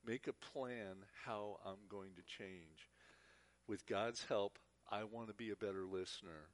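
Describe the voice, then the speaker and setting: A man's voice: lowish voice, measured pace. A man teaching a Bible class, speaking earnestly and often repeating words as he talks. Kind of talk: church teaching talk.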